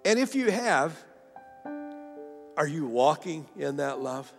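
Gravelly-voiced man preaching in a reverberant hall. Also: fairly high pitch, slow, soft background music. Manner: animated storytelling, quoting a woman's testimony, rising to fervent appeals. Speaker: pastor. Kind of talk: sermon.

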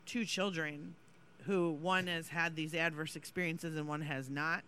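High bright-voiced man explaining. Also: steady tone, a little slow, slight background noise. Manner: earnest, explanatory, blunt. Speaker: podcast co-host. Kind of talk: casual chat.

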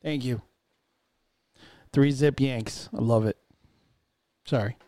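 A man's voice: medium pitch, takes it slowly, dark tone, no room sound, studio quality. A man co-hosting a podcast, teasing his friends in casual, profane banter. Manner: teasing, profane, says bro a lot. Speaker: podcast co-host.

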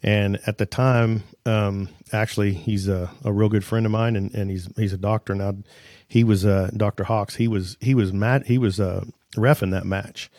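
Low, flat-voiced man, halting host. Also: no room sound, studio quality. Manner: hesitant, halting storyteller. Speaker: podcast host. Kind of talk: casual interview chat.

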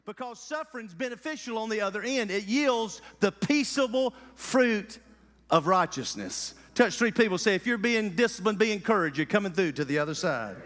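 A male preacher, preaching an animated sermon and calling out to his congregation. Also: high voice, normal speed, in a large hall. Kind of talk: lively sermon. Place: church sanctuary.

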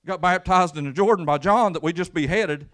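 A man's voice: high voice, fairly quick, a bit bright, pitched above the performer's own voice. A man voicing a flustered scholarly male ruler who questions a rabbi in an agitated way.

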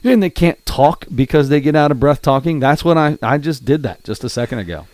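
A man's voice: on the high side, expressive, a little fast, darkish tone, no room sound. A man co-hosting a casual sports betting podcast, rambling and getting out of breath as he talks. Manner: rambling, gets out of breath while talking. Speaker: podcast co-host.

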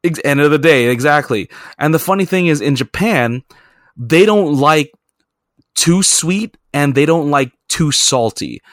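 A man's voice: a little high, expressive, a little slow, a bit bright, no echo, studio quality. Rambling, profane storytelling man. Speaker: podcast host. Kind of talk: casual storytelling chat.

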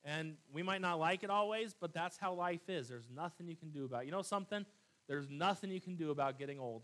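Animated pastor preaching. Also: male voice, fairly high pitch, fast. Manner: conversational preaching, rising to emphatic, animated. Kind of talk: sermon. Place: small old church room.

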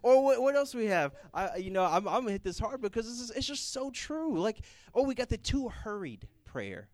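A young man giving a casual, comedic sermon, animated and joking as he acts out people praying. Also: sits high, brisk, no echo. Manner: animated, jokey, acts out prayers in put-on voices. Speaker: youth speaker.

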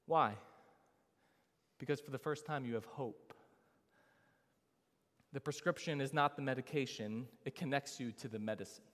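A man's voice: medium pitch, normal speed, pauses often, a bit bright. A man preaching a sermon, building emphasis and asking rhetorical questions of the congregation. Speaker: pastor. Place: church sanctuary. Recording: long reverb of a large hall.

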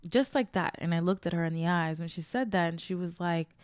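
In a brisk, smooth, lowish voice, a young woman podcast host chats her way through a personal tale meant to motivate, full of slang and spoken right to her audience. The studio sound is clean, without any echo.

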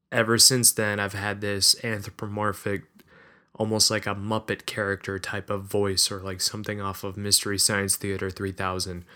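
A man's voice: lowish voice, bright, forceful tone. A man hosting his own podcast, talking casually and rambling with hesitant asides. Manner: rambling, self-deprecating, hesitant. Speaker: podcast host.

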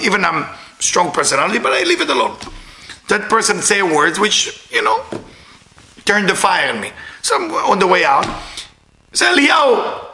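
Man, informal sermon, non-native English, tense bright voice, loud-to-quiet swings. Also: sits high, a little hiss or hum. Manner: emphatic, swings from loud to hushed.

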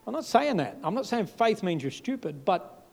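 A man delivering a sermon in a fairly high voice. He preaches with emphatic swings, leaping up in pitch and then dropping almost to a murmur. His delivery is dramatic and direct. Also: sing-song, normal speed, creaky. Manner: emphatic, with sudden jumps and drops in pitch and loudness.

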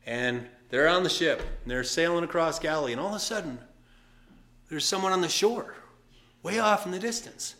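A male pastor preaching a sermon, telling the story lively and casually, with asides to the congregation. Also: fairly high pitch, moderate pace. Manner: animated storytelling with acted voices and asides.

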